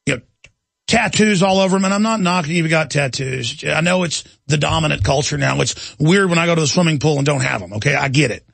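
Gravelly, ranting man. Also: on the high side, quick pace, fairly bright tone, no echo. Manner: indignant, ranting storyteller. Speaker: talk radio host. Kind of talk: talk radio monologue.

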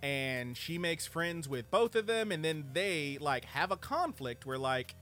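A man co-hosting a podcast, reviewing anime in casual, animated, profane chat full of fillers. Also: a little high, measured pace, faint music behind. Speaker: podcast co-host.

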